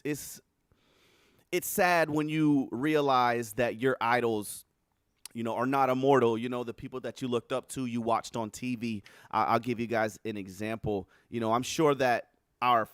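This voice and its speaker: A young man talking casually on his livestream, rambling and animated, swearing freely as he reacts to the news. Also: medium pitch, clear, resonant tone, no room sound, clean studio sound. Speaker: streamer. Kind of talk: casual chat.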